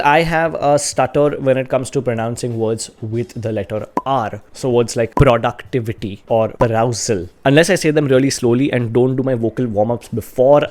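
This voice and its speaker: A man's voice: mid-range voice, a little mellow. A man explaining voice exercises in an earnest, instructional way, stressing key words. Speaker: communication coach.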